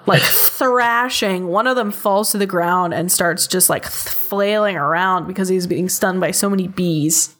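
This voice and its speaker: A woman's voice: lowish voice, a bit bright, soft background music. Woman running a tabletop game, takes her time, kinda playful and giggly. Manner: unhurried, playful, laughs often. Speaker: game master.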